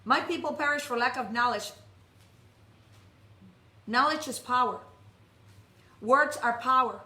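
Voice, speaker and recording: A woman preaches with a high, piercing voice. She is forceful and commanding, and she calls out to the congregation. The sound echoes around the temple room. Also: unhurried. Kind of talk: sermon. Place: messianic temple.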